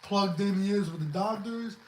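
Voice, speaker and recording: High-voiced blunt, profane man. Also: normal speed, a little mellow, reverberant, a little hiss or hum, poor audio. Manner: blunt, profane, emphatic advice-giving. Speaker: guest. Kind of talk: casual livestream chat.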